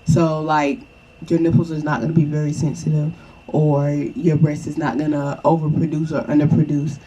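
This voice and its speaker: Mellow-voiced woman giving casual advice. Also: low-pitched, level tone, moderate pace, a little hiss or hum, rough recording. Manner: chatty, reassuring, repeats "okay?" to the viewer. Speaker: vlogger.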